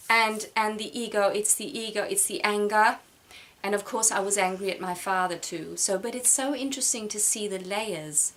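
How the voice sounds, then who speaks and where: A middle-aged woman talks through a personal reflection to the camera, stumbling over words and starting her sentences again. She sounds close to tears, and her voice sits in an ordinary middle pitch. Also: a bit bright. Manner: halting, repeats words, emotional. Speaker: vlogger.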